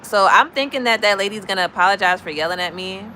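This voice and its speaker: A Chicago woman hosting a livestream tells blunt, gossipy stories to her chat in a bright, forceful, mid-range voice. She's fast, animated and casual, speaking into a phone mic on a rough recording with faint outdoor traffic behind her.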